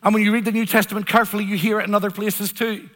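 A man delivers a sermon in a high, bright, ringing voice. He is earnest and emphatic, and he drives his points home by repeating phrases. A long reverb trails after his words, as in a large church hall. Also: level tone, racing. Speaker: preacher.

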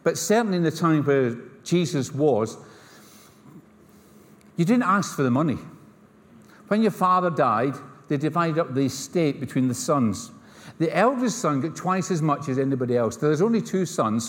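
A middle-aged man from Scotland with a Scottish accent, preaching a sermon and telling stories with humorous asides and acted-out dialogue. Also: on the high side. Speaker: pastor. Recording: long hall reverb.

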